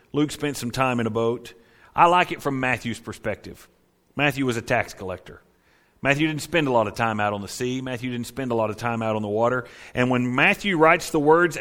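A man preaching a sermon, reading scripture aloud and swinging between quiet, hushed lines and loud, emphatic ones. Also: mid-range voice. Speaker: pastor.

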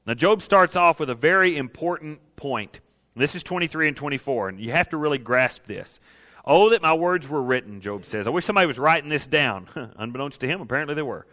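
A man's voice: a little high, expressive, a little fast, sharp tone. A man preaching a sermon, folksy and emphatic, speaking directly to his congregation. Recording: long hall reverb.

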